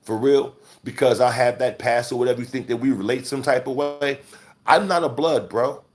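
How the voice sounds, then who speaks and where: A man's voice: medium pitch, normal speed. Profane scolding man in his forties. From Chicago. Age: 40s. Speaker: livestream host. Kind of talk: livestream rant.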